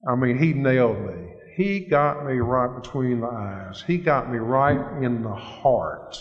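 A man's voice: mid-range voice, lively intonation, measured pace. Man telling his story in an echoey hall. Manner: earnest, plain-spoken storytelling. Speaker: recovery meeting speaker. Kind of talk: personal testimony talk. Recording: echoey hall, dull lo-fi sound.

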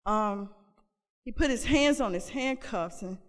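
A woman's voice: a little high, lively intonation, measured pace. A woman telling her personal story to an audience in a candid, conversational way, often repeating and restarting phrases. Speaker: speaker sharing her recovery story. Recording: long reverb of a large hall.

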